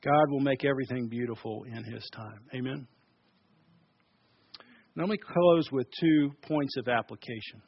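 A man preaching a sermon as pastor, emphatic, dropping loud and soft and repeating words as he builds points. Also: mid-range voice, normal speed, pauses often, husky, dull audio.

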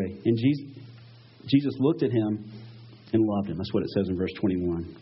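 A male pastor preaching a sermon, retelling stories with lively acted-out quotes. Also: fairly low pitch, normal speed, long pauses, breathy edge, lo-fi sound. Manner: animated storytelling, acts out quoted voices.

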